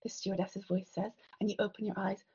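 A woman narrating a literary story in the second person, soft and measured, at times dropping to a whisper. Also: mid-range voice, level tone, breathy edge, muffled recording. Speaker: audiobook narrator.

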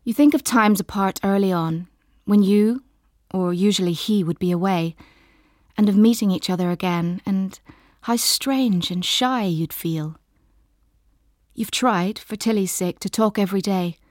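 Slow, intimate woman narrating an audiobook. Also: medium pitch, dry recording, clean studio sound. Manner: slow, measured, intimate and soft.

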